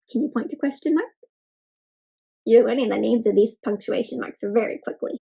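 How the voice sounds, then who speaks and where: A woman reading a picture book aloud to children in an animated, teacherly way, asking them to point and say words along with her. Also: a little high, moderate pace, creaky, pauses often, husky. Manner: animated, teacherly, prompting kids to join in. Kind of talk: interactive read-aloud for kids.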